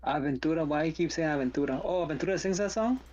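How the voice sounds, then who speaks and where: Chatty man with a higher voice. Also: fast, a little mellow, lo-fi sound. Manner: chatty, rambling asides. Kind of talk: casual chat on a live stream.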